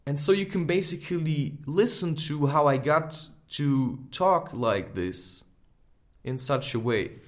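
A man's voice: fairly high pitch, takes it slowly. A man in his thirties, hosting a podcast and telling a personal story in a reflective, candid way, full of asides like "you know" and "right". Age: 30s. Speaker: podcast host.

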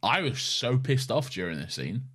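A man co-hosting a podcast in casual chat, animated and quick to mimic characters. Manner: animated, mimics characters in high squeaky voices. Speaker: podcast co-host.

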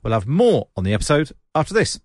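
A man presenting a radio show, interviewing guests in a brisk, amused way. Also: on the high side, big pitch swings, no room sound, studio quality.

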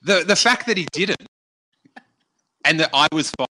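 A man co-hosting a podcast in casual chat, animated and full of quick asides and restarts. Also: fairly high pitch.

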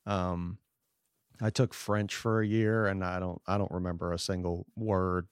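A man hosting a podcast, talking in a loose, profane way that often trails off into quieter asides. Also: low-pitched, level tone, a little slow, clear, resonant tone, dry recording, studio quality. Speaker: podcast host. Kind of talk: casual podcast chat.

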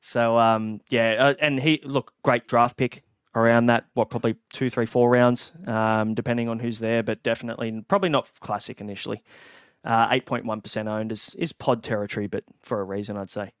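A man hosting a casual fantasy sports podcast, relaxed and passing questions to his co-hosts. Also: medium pitch, brisk, smooth, no echo, clean studio sound. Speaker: podcast host.

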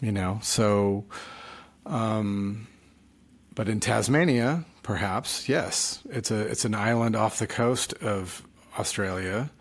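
A sleepy man talking casually late at night as a podcast co-host, halting and trailing off. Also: on the low side. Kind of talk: casual chat.

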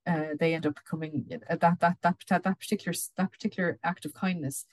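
A woman's voice: lowish voice, steady tone, quick pace, no echo. A woman co-hosting a book podcast, talking casually with lots of restarts and repeated words. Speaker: podcast co-host. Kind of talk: casual book discussion with read-aloud passages.

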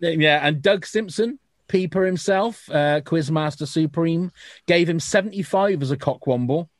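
A man's voice: fairly high pitch, dry recording, clean studio sound. A man hosting a casual podcast chat, joking and reading out listener scores. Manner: jokey, reads listener scores briskly. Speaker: podcast host.

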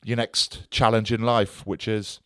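A man's voice: lowish voice, little pitch movement, measured pace, fairly bright tone, clean tone, no room sound, studio quality. A man co-hosting a podcast in jokey, teasing casual banter. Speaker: podcast co-host.

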